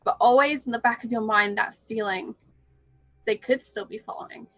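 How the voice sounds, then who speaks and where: A woman narrating a tabletop role-playing game as game master, setting scenes in an unhurried, descriptive way. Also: on the high side, steady tone, a bit bright, dry recording, low-quality recording.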